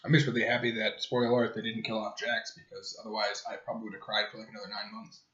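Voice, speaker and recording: A man's voice: lowish voice, level tone, rapid-fire, fairly bright tone. A young man hosting a podcast, telling jokey stories and mocking people he quotes. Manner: joking, storytelling with mocking quoted voices. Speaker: podcast host. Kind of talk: casual chat. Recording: roomy, dull lo-fi home recording.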